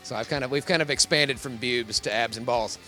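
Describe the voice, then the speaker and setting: A man's voice: mid-range voice, fairly quick, bright, forceful tone, soft background music. A man who works as a professional voice actor, talking in a casual convention interview, rambling and laughing often.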